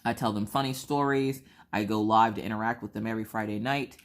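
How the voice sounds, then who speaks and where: Woman host, casual storytime delivery, gravelly fry, plays out dialogue. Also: very deep voice, fairly even intonation, fast talker. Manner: chatty, acts out both sides of conversations. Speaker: crafting channel host.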